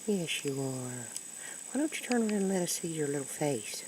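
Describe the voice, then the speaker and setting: Lady baby-talking a kitty outside, low voice but squeals way up, sing-songy, bugs faint behind, camera mic. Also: animated, measured pace, mellow, slight background noise, poor audio. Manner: cooing sing-song voice that jumps high. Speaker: pet owner talking to a kitten. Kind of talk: baby talk to a pet. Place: outdoors near woods. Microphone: handheld camera.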